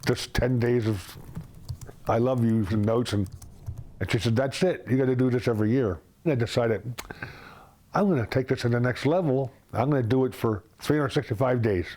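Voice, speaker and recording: Soft-spoken sincere man. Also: mid-range voice, normal speed, pauses often. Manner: reads heartfelt love notes aloud, gentle and sincere. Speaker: interviewee, husband. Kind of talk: personal news feature interview.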